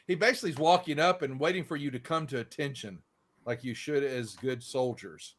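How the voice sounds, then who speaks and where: A man runs a tabletop game, talking in loose, rambling runs full of restarts. His voice sits at a middle pitch. Faint noise hums behind him. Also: brisk, a bit bright. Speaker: game master.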